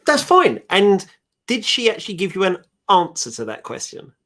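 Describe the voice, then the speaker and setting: A man's voice: sits high, wildly swooping pitch, moderate pace, fairly bright tone. A man appearing as a guest on a podcast over a video call, teasing the host with dry wisecracks. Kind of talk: casual chat.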